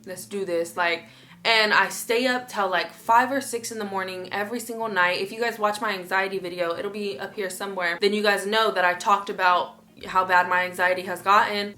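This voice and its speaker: A young woman talking casually in a storytime vlog, rambling with many fillers and restarts, and acting out her own past lines with sudden loud outbursts. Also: mid-range voice. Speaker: vlogger.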